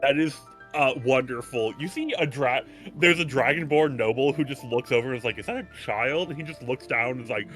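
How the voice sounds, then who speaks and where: A man narrating as game master of a tabletop game, relaxed and hesitant with fillers. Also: medium pitch, fairly quick, few pauses, soft background music.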